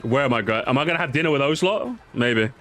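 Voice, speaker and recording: A man's voice: mid-range voice, animated, quick pace, a bit bright, soft background music. A man giving casual, jokey gameplay commentary, swearing and pleading with the game as he races. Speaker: gaming YouTuber.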